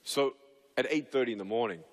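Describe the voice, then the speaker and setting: A motivational speaker on stage tells a story with animation, acting out its dialogue in a fast, mid-range male voice. The sound echoes as if in a reverberant hall.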